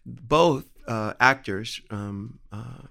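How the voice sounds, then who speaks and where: A man's voice: medium pitch, drawn-out words, vocal fry, sharp tone. A man co-hosting a podcast, gossiping casually about a TV show and swearing now and then. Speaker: podcast co-host. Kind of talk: casual chat.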